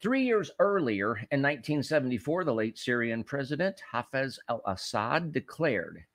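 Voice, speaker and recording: A man hosting a talk program, reading scripture and preaching commentary in an emphatic way, often restarting and repeating words and slowing down to stress key phrases. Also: mid-range voice, very animated, fairly bright tone, no echo, studio quality. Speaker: host of a political talk show.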